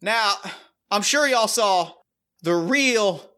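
A showy cowboy wrestling promoter, put on by a man running a tabletop game, working the crowd in a thick Southern drawl. His voice rides high above his usual register, bright and ringing. He leans hard into every line like a carnival barker. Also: lively intonation, extremely slow, smooth, full character voice. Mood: hyped showman. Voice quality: booming showman drawl.

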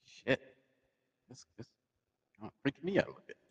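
A man's voice: mid-range voice, wildly swooping pitch, normal speed, breathy edge, long reverb tail, dull audio. A man co-hosting a podcast in casual chat, speaking in with playful, laughing banter. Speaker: podcast co-host.

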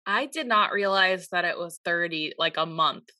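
Bright, dry-sounding young woman chatting. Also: on the low side, no echo. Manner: responsive listener, quick agreeing interjections. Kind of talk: casual chat.

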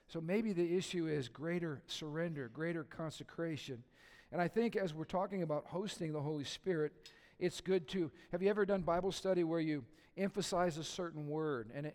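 Middle-aged guy preaching, kinda high voice, echoing around a big church, quiet then loud. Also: fairly quick. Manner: conversational preaching with audience questions and humor; swings from soft and hushed to loud and emphatic. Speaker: pastor. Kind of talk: sermon. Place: church sanctuary. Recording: long reverb of a church hall.

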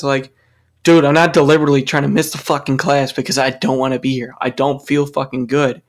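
A man's voice: mid-range voice, flat delivery, a little fast. A young man hosting a solo podcast, talking casually in a rambling, profane rant full of restarts. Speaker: podcast host.

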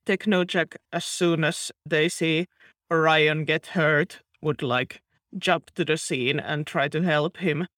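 Casting: slow, slightly high-voiced male player, playful and hesitant. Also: steady tone, fairly bright tone, no echo, studio quality. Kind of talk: casual tabletop play.

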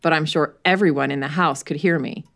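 A woman's voice: sits low, brisk, gravelly, a bit bright. A woman voicing a defiant, indignant young man being questioned.

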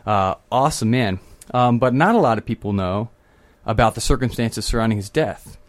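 A man's voice: on the low side, normal speed. A young man co-hosting a podcast, chatting casually and telling a story with frequent laughs. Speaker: podcast co-host. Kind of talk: casual chat.

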